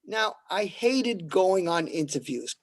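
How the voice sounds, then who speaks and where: A man doing stand-up one-liners at an open mic, with a deadpan delivery and pauses before each punchline. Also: sits high. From New York.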